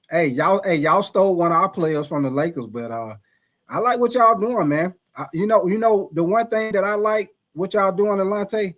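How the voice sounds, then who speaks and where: A man hosting a casual live stream, reading chat and greeting viewers by name, with frequent restarts and stumbles over names. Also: a little high.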